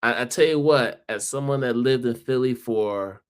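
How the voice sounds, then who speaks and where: A man from the Philadelphia area, a guest educator on a podcast, telling stories in a relaxed way and often repeating words as he starts a thought. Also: mid-range voice, normal speed, clear, resonant tone. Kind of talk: casual interview chat.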